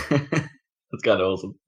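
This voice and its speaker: A man's voice: on the low side, lively intonation, takes it slowly, a bit bright. Jokey British man chatting. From Britain. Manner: jokey, laughs often, trails off into restarts. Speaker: podcast co-host. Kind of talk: casual chat.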